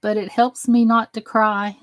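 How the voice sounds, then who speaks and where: A woman's voice: on the high side, flat delivery, measured pace, no room sound. A woman from the American South with a Southern accent, chatting folksily on her crafting live stream and reading comments aloud. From Southern United States. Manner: folksy, chatty, self-deprecating. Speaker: crafting livestream host.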